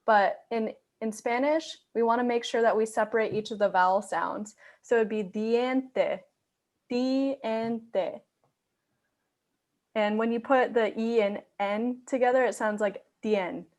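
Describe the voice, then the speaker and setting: A woman's voice: fairly high pitch, steady tone, normal speed, hardly any pauses, a little mellow. A young woman co-teaches an online Spanish lesson over a video call. She explains each point carefully and often checks in with listeners by asking "right?". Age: young adult. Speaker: student Spanish tutor.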